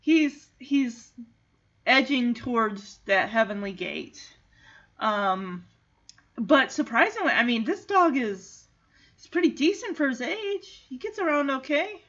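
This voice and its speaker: A chatty woman in a casual recap, her pitch running a little high and swinging a lot as she exclaims and restarts. The audio is dull and lo-fi. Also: animated, slow, a bit bright. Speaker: movie recap vlogger. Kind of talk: casual chat.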